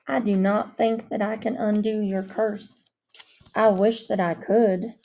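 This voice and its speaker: A woman voicing a soft-spoken male minister in a storybook reading, calm and measured. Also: medium pitch, lightly acted. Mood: gentle.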